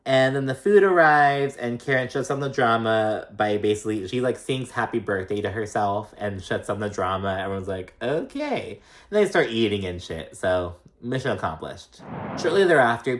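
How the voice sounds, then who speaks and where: A man recaps a reality show at normal speed, his voice on the low side and animated. The chat is loose and full of cursing and filler words, and he acts out what people said using different voices.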